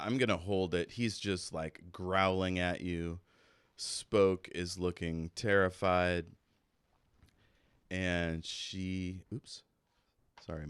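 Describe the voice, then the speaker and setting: A man's voice: sits low, fairly bright tone, clear, resonant tone, no room sound, clean studio sound. A man narrating as keeper of a tabletop game, laid-back and rambling with fillers.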